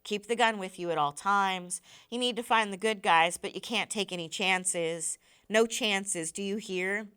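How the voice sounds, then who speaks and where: A woman voicing a weary, dying father who quietly reassures his son, while reading a novel aloud. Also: medium pitch, measured pace, hardly any pauses, smooth, lightly acted. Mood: urging.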